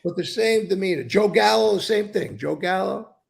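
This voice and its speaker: A man's voice: high voice, expressive, normal speed, gravelly. An older man telling blunt, rambling stories in a casual interview, swearing freely. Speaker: interview guest.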